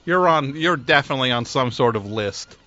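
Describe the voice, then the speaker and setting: Sarcastic guy hosting a call-in show, bright sharp voice, slightly muffled studio sound. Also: mid-range voice, animated, fairly quick. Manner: sarcastic, exasperated, mocking impressions. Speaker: radio show host. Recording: slightly dull studio recording.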